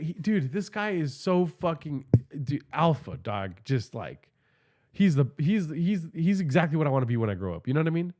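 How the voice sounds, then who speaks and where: A man's voice: fairly high pitch, a little mellow. A man hosting a podcast, telling a rambling, profane comic story and often asking the listener. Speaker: podcast host. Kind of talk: comedic storytelling monologue.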